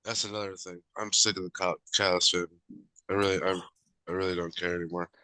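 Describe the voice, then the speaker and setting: A man co-hosting a podcast in casual chat, blunt, jokey and quick to swear. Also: low-pitched, level tone, sharp tone, smooth, no echo, poor audio. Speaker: podcast co-host.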